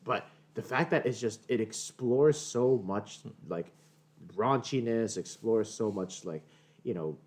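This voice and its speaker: A man's voice: on the low side, measured pace, a little mellow. A man co-hosting a live stream, chatting casually in a rambling, hesitant way with lots of fillers while getting over being unwell. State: recovering, coughing. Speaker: stream co-host. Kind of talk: casual chat.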